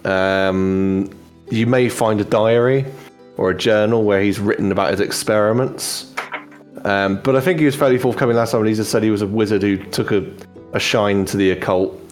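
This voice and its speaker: A man's voice: on the low side, steady tone, moderate pace, soft background music. A man narrating as game master of a tabletop game, rambling with many fillers and restarts.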